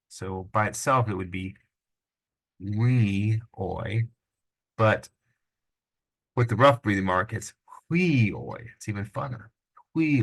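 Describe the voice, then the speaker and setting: A man teaching a recorded lesson on Greek pronunciation, informal and patient, sounding out words slowly. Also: lowish voice, creaky, fairly bright tone, rough recording.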